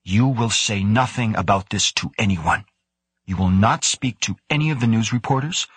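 A man's voice: lowish voice, moderate pace, a bit bright, husky, dry recording. A man voicing a stern, zealous male leader who snarls and gives harsh commands. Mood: snarling.

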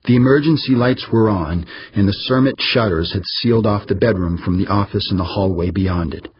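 A man reading an audiobook in steady, measured scripted narration. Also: on the low side, breathy edge, highs cut off.

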